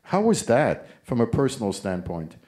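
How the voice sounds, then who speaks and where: A man's voice: medium pitch, huge pitch swings, moderate pace, darkish tone. A man interviewing a guest on stage, asking long, conversational questions. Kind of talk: live onstage interview.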